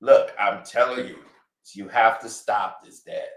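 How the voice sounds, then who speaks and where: A man putting on an impression of a famous rapper who is calm, evasive and soft-spoken, in an echoey room. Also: natural voice. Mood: pleading. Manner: low, subdued, measured.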